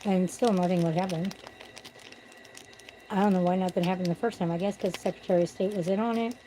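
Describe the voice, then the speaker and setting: A woman's voice: lowish voice, steady tone, fairly quick, dark tone, a little hiss or hum, low-quality recording. Blunt, profane woman ranting at home. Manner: blunt, profane, venting about corruption. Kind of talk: casual livestream rant. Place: at home with pets.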